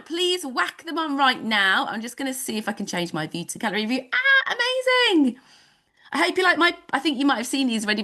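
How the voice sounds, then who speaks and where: A woman's voice: high-pitched, sharp tone. A woman, teaching an online nature class for children over a video call in a bubbly, sing-song manner. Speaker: home education teacher.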